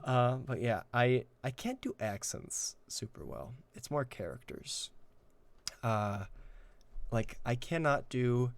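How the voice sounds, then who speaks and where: Slow and mid-range, a man from Ireland speaks on a dry recording during a casual interview chat. As a guest game master, he is rambling and self-deprecating, often using fillers and starting over.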